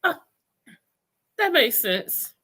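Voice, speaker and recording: A woman co-hosts a relaxed TV recap, talking slowly and unhurriedly. Her voice is bright and clear, and she is blunt and profane, laughing easily. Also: high voice. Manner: laid-back, profane, laughs often. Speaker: podcast co-host. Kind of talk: casual TV recap chat.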